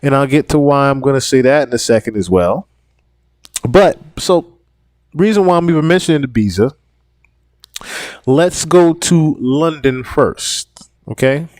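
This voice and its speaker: A man's voice: medium pitch, animated, measured pace, pauses often, a little mellow, dry recording. A man in his thirties hosting a podcast solo, rambling and swearing as he comments. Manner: rambling, profane, repeats himself. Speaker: podcast host.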